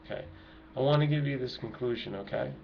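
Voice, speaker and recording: A man's voice: medium pitch, quick pace, creaky. A middle-aged man speaking emotionally and urgently to his viewers from home, preaching in an impassioned monologue. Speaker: activist vlogger. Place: home with children nearby. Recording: dull lo-fi home recording with noise.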